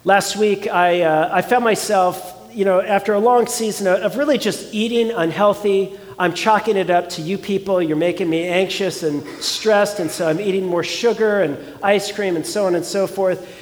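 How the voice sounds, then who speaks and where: A man's voice: high voice, fairly even intonation, normal speed, long reverb tail. A man preaching a sermon as pastor, earnest and conversational, often asking his congregation rhetorical questions.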